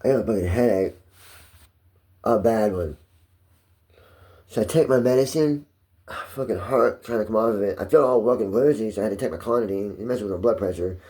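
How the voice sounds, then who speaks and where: A man in an angry, distressed personal monologue, cursing and ranting with his voice climbing toward a shout. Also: fairly low pitch, fairly quick, pauses often. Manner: profane, agitated ranting.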